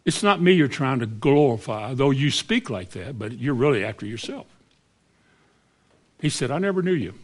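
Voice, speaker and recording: A man preaching a sermon from scripture, asking the congregation rhetorical questions and swinging between high exclamations and quiet asides. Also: very animated, moderate pace, pauses often.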